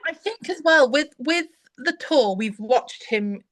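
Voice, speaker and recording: A woman's voice: sits high, animated, unhurried, a bit bright. A young woman chatting eagerly as a podcast guest, rambling with restarts. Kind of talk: casual chat.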